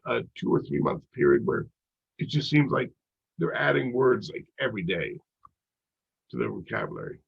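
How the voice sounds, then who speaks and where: A man with a stuffy, congested voice lectures on psychology in a loose, conversational way, circling back on himself with fillers. His voice is husky and rough. The recording sounds dull and muffled. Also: mid-range voice. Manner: casual, rambling with many "like" and "you know" fillers. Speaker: psychology instructor.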